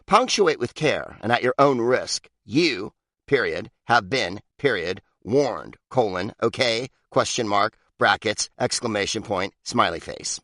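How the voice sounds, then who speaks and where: A man's voice: medium pitch, sing-song, measured pace, fairly bright tone, no room sound, clean studio sound. Sardonic man reading a comic audiobook. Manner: sardonic, mock-pompous, with big swoops for emphasis. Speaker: comedian reading his own book.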